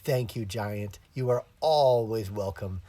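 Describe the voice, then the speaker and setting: A man's voice: on the low side, slow, voice pushed down. A man voicing a kind, grateful mermaid. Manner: warm, reassuring. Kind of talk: children's storybook telling.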